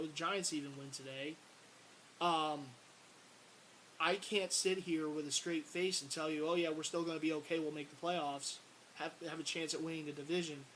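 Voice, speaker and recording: A man's voice: on the high side, steady tone, moderate pace, fairly bright tone, low-quality recording. A man ranting about his team in a casual video, frustrated and rambling, repeating words and breaking into exasperated outbursts. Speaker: sports fan vlogger. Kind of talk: casual sports rant to camera. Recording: faint hiss.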